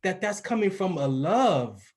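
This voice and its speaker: A man in his forties from California talks in a high, light voice as a podcast guest. He speaks earnestly and with emphasis and tells his story in a relaxed, conversational way. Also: measured pace. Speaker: radio personality, podcast guest. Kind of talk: casual conversation, personal storytelling.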